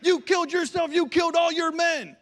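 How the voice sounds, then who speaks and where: A man's voice: extremely high pitch, fairly even intonation, a little fast, a bit bright, shouting, some chatter behind, voice pushed up. A man playing a towering former Marine officer who barks a furious drill-sergeant tirade at a late employee. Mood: furious shouting.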